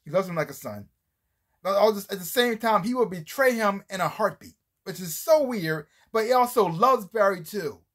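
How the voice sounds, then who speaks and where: A man's voice: sits high, animated, normal speed, fairly bright tone. A man giving a casual, rambling review of a TV series, often restarting his sentences and acting out scenes as he retells them. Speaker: TV show reviewer.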